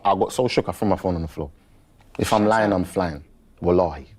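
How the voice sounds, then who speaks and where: A man in a casual podcast chat, telling a story in an animated, dramatic way. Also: deep voice, a little fast.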